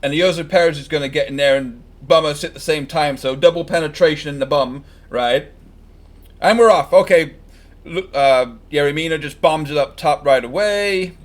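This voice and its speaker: A man with a slightly high voice commentates casually on a live football match for his stream, chatting, joking and reeling off gloomy, fan-biased predictions for his own team. He talks at normal speed, loose and conversational like a fan on the sofa.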